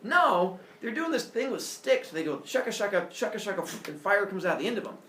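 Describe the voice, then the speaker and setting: A man's voice: high-pitched, big pitch swings, brisk, a bit bright, a little hiss or hum, voice pushed up. A man voicing a dutiful messenger god who reports in a hesitant, matter-of-fact way, in an echoey room from far off.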